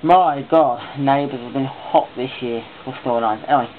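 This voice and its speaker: A man's voice: mid-range voice, moderate pace. A man chatting casually in a vlog, rambling and enthusiastic as he talks on. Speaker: vlogger. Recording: tinny phone-like sound with faint hiss.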